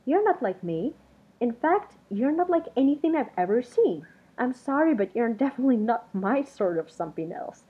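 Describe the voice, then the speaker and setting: A woman's voice: a little high, very animated, moderate pace, husky, pitched above the performer's own voice. A woman voicing a lonely, odd storybook creature who speaks politely and hesitantly. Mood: wary. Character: lonely odd creature, wary then kind. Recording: dull muffled recording.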